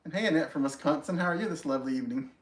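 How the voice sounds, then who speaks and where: A man with a slightly higher voice hosts a relaxed live stream from home. He reads out viewer comments and greets each person by name. His chat is friendly and easygoing, and he pokes fun at himself. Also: racing.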